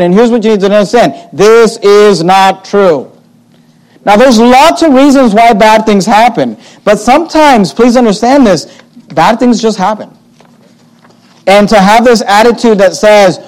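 High-voiced man preaching a sermon. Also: lively intonation, normal speed, darkish tone, rough recording. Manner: emphatic, repeats points, reads old scripture aloud.

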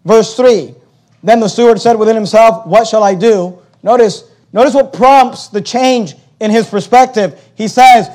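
A man's voice: sits high, unhurried, a little mellow. A man preaching a sermon, impassioned, often repeating words as he builds a point. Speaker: pastor.

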